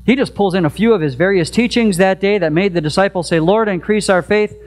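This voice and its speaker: Male pastor, fairly high voice, chatty sermon delivery with faint mains hum. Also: quick pace. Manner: conversational preaching with rhetorical questions; repeats a prayer refrain softly. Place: church sanctuary.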